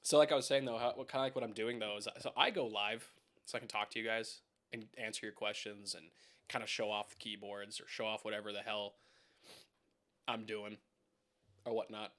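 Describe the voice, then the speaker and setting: A man's voice: on the low side, little pitch movement, brisk, fairly bright tone. A young man hosting a casual live stream from home, rambling, swearing and chatting with viewers about keyboards. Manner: rambling, swears, laughs often, talks to chat.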